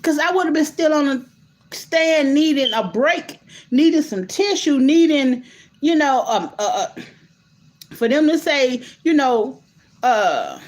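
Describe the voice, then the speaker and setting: Woman host, casual vlog commentary, slightly high pitch, animated and incredulous, addresses viewers directly. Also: takes it slowly. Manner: animated, incredulous, many restarts and asides to viewers.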